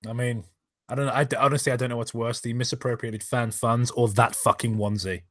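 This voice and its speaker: A man's voice: mid-range voice, steady tone, fast, a bit bright, no room sound. A man reading aloud and commenting on a live stream, exasperated, sarcastic and swearing often, who stops now and then to thank viewers for donations.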